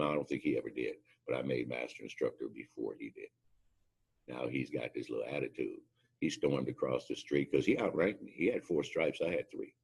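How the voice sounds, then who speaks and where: Very deep, gravelly-voiced man telling stories. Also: a little mellow. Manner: emphatic storyteller, acts out quotes. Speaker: speaker, former drill instructor. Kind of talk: anecdotal motivational talk.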